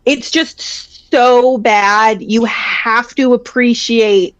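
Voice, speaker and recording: A woman's voice: a little high, fairly even intonation, very slow, a bit bright, dry recording, lo-fi sound. A woman on a podcast, talking casually in a hesitant, earnest way. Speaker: podcast co-host. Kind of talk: casual chat.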